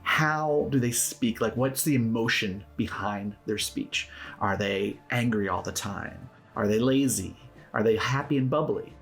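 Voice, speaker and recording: A man's voice: lowish voice, measured pace, creaky, a bit bright, soft background music. A man hosting a tabletop roleplaying tips video, talking casually and encouragingly to camera in an upbeat, conversational way. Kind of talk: casual instructional talk to camera.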